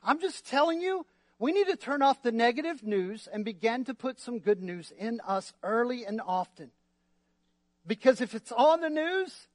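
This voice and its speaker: A male pastor preaching a sermon in a lively, joking way, often asking the congregation for responses. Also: very high-pitched, moderate pace, dry recording. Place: church.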